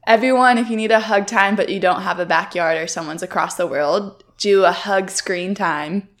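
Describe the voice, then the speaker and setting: A young adult woman co-hosting a casual chat, reacting warmly and then telling her own story. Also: medium pitch, moderate pace. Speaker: podcast co-host.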